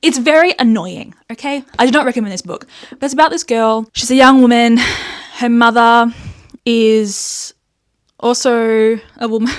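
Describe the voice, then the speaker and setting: A young Australian woman hosting a casual book vlog, animated and sweary as she rants, with frequent laughs. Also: on the high side, normal speed. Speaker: book reviewer host.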